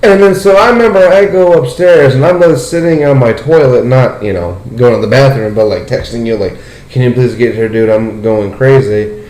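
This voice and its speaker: A young man hosts a laid-back podcast, recounting events in an animated, rambling way. His voice sits in a middle register but leaps up sharply when he gets worked up. The room around him is noticeably echoey. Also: normal speed. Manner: animated storytelling, leaps up in pitch when excited, peppered with "like" and "dude". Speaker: podcast host. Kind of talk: casual podcast chat. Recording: roomy echo.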